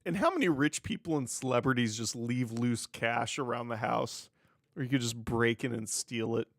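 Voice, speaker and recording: A creaky, medium-pitched male voice at normal speed delivers casual solo commentary for a wrestling news podcast he hosts. His chat is sarcastic and full of swearing, recorded in clean studio sound with no room sound.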